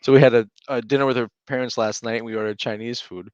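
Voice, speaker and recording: A man in his thirties chats on a podcast and spins animated stories about his kids, laughing easily. His voice sits at a middle pitch. The sound is dry and a bit dull, like a lo-fi home setup. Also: fast, dry recording. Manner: animated storyteller, laughs often. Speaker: podcast co-host. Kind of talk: casual podcast chat.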